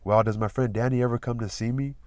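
A man reading aloud, voicing a flirtatious woman who speaks coyly and archly with a husky sweetness. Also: mid-range voice, steady tone, fast, darkish tone, dry recording, natural voice. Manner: coy, archly teasing.

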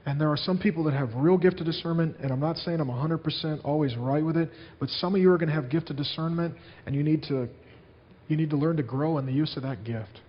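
A man's voice: fairly high pitch, quick pace, big-room sound, lo-fi sound. A man preaching a sermon as a pastor, telling stories to his congregation in an earnest way.

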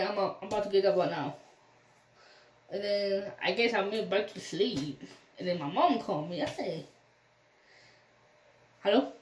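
Young woman with a lively voice in an echoey room. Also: medium pitch, measured pace, long pauses. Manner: rambling retelling, acting out quoted phone calls. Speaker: vlogger. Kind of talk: storytime vlog. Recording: echoey room, mic at a distance.

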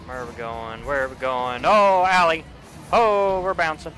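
A young man giving casual let's play commentary, with frequent profane, excitable outbursts. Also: fairly high pitch, normal speed, faint music behind. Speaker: gamer.

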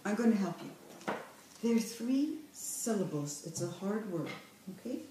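A woman's voice: mid-range voice, animated, measured pace, background noise. A woman tutoring a young reader one-on-one, patient and full of praise and encouragement. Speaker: reading tutor. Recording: echoey room, voice from far off.

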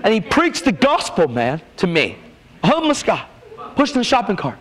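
A man delivers a revival sermon as a personal testimony. His voice rides high and leaps up and down, emphatic and animated as he acts out the people in his story. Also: moderate pace, a crowd in the background, poor audio. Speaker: preacher. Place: church revival meeting.

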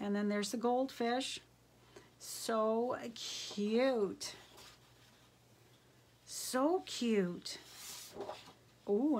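Slow-talking, gushing middle-aged woman. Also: on the high side, a little hiss or hum. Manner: gushing, chatty, easily delighted. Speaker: craft vlogger. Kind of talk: casual unboxing chat.

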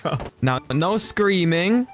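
A man's voice: high-pitched, animated, takes it slowly. A young man playing a game with a friend, laughing and egging him on. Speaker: gaming partner. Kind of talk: casual gaming chat.

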